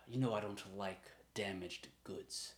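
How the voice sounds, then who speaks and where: A man's voice: fairly low pitch, fairly even intonation, slow pace. A man voicing a cruel, fussy old male lord who collects treasures, heard in a roomy space. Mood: displeased. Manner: fussy and cold. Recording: roomy echo.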